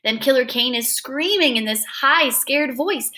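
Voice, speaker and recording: A woman reading a novel aloud, narrating in an expressive, dramatic way. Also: sits high, measured pace, hardly any pauses. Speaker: audiobook reader.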